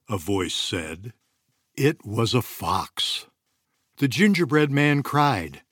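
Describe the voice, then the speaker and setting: A man reading a children's story aloud in an expressive storytelling manner. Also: medium pitch, slow, slightly rough, dry recording, clean studio sound.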